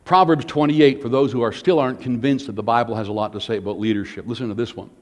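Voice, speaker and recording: A man's voice: medium pitch, fast, darkish tone. A man preaching a sermon as pastor, emphatic and varied, asking rhetorical questions of the congregation. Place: church. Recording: long hall reverb.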